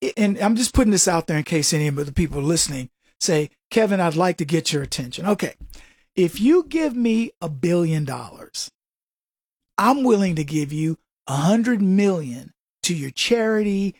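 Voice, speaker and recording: A man's voice: high voice, animated, moderate pace, a little mellow, dry recording, clean studio sound. A man hosting a radio show, delivering a combative, sarcastic political monologue full of rhetorical questions.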